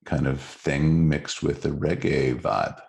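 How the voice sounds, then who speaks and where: A middle-aged podcast co-host with an extremely low, gravelly voice talks slowly on a casual music podcast. His delivery is animated and story-driven, packed with restarts and asides, and he clearly loves sharing his wealth of trivia.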